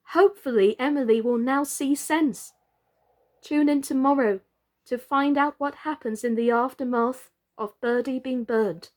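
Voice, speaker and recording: A woman reading a children's book aloud as a storyteller, slow, gentle and expressive. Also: high voice.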